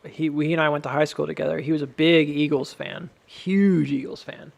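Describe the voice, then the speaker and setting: An American man hosts a casual live stream from home, rambling and chuckling at himself. His voice sits a little high and has a gravelly rasp. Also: steady tone, a little fast. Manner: laughs often, rambling and self-amused.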